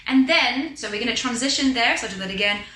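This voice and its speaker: A woman vocal teacher patiently explains singing technique, often checking in with the listener and breaking into short sung demonstrations. She has a fairly high, sharp voice with lively intonation and a quick pace, captured in a low-quality recording in an echoey room.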